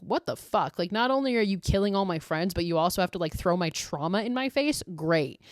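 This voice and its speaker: A young adult woman hosting a podcast, recapping a horror movie in a casual, profane, animated way. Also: on the low side, no room sound, studio quality. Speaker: podcast host.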